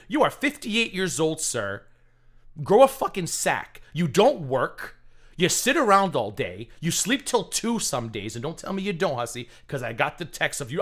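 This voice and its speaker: A man's voice: a little high, sing-song, moderate pace, fairly bright tone. A man hosting a livestream, commenting in a profane, sarcastic rant. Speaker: livestream host.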